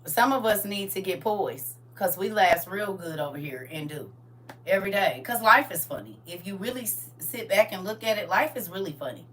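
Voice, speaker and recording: A woman's voice: mid-range voice, moderate pace, a little hiss or hum. A grandmother hosting a casual livestream, talking sassily and directly to her viewers from her phone. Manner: sassy, animated, talks straight to viewers.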